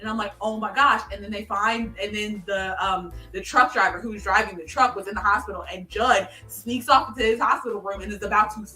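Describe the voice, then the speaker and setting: A woman co-hosting a casual chat, excitedly retelling a TV episode and acting out its dialogue. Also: medium pitch, fairly quick, few pauses, echoey room, recorded from a distance, faint music behind. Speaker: podcast co-host. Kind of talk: casual chat recapping a TV show.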